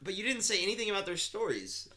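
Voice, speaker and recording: A man's voice: high-pitched, big pitch swings, quick pace, sharp tone. A young man in casual podcast chat, blunt and dismissive, swearing freely. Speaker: podcast co-host.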